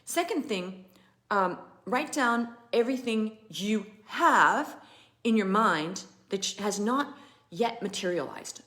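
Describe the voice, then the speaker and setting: A woman business coach talking in a chatty, animated and emphatic way to viewers of a live stream. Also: medium pitch.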